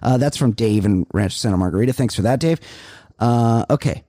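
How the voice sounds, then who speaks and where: A man's voice: medium pitch, a little fast, warm tone, no room sound, clean studio sound. A man hosting a comedy podcast, telling long rambling stories with plenty of swearing. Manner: profane, rambling storyteller. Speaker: podcast host. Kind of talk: casual comedy chat.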